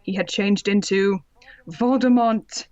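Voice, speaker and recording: A woman's voice: mid-range voice, moderate pace, no room sound. Female co-host narrating, wry and sardonic; audio slightly muffled. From Britain. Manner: sardonic asides, laughing while reading. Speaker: podcast co-host and narrator of the reading. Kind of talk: comedic dramatic reading with commentary.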